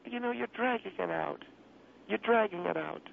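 Guy doing a fussy old lady calling in, gravelly creaky voice, tinny phone line w/ a little hiss. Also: sits high, moderate pace, voice pushed up, full character voice. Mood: exasperated. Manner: pleading, exasperated, repeats herself. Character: elderly woman caller, fussy and indignant. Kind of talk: radio prank call.

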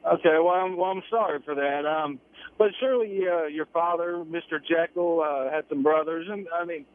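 A man's voice: fairly high pitch, fairly even intonation, moderate pace, dry recording, narrow, tinny audio. A man with a Southern US accent from North Carolina, calling in to a radio show with hesitant questions. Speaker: caller.

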